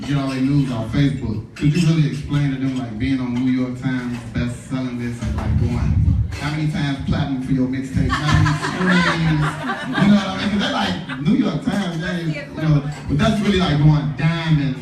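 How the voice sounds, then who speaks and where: A man's voice: on the high side, moderate pace, noisy background. A man co-hosting a live podcast, asking questions in a hyped, joking, chatty way. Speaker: podcast co-host. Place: live podcast event before an audience. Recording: roomy venue, distant mic, crowd behind.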